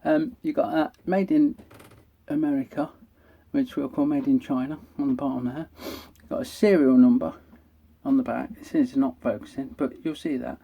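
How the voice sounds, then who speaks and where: A man's voice: medium pitch, fairly even intonation, normal speed, creaky, slightly rough, lo-fi sound. A middle-aged British man, the host, giving a chatty, enthusiastic product review and swearing freely. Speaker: vape reviewer. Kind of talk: casual product review vlog.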